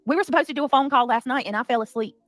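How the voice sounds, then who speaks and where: A woman's voice: sits high, very fast, fairly bright tone, no room sound. A woman hosting a commentary livestream, talking in an indignant, defensive and emphatic way. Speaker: livestream host.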